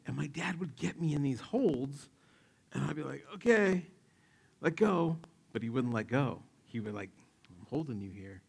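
A man in his forties preaching a sermon, telling stories in an animated, joking way and acting out the quotes. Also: mid-range voice, gravelly, husky. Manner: animated, jokey, acts out quotes. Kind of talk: sermon with personal storytelling.

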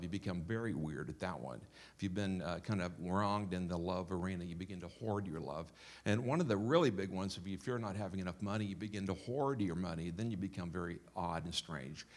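A man giving casual church announcements and a short prayer, rambling and halting with many fillers. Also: low voice.

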